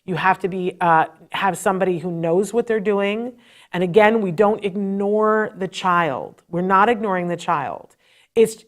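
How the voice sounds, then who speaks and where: A middle-aged woman speaks as a podcast host, sharing a personal parenting story. Her delivery is earnest and emotional, conversational with fillers and restarts. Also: lowish voice. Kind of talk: personal storytelling advice talk.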